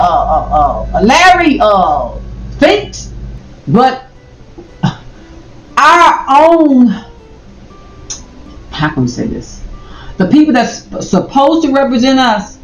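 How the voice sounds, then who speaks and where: Reaction commentator: rambling, emphatic, repeats lines for effect; mic set back in an echoey room. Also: high voice. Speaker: video commentator. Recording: roomy, distant mic, faint noise.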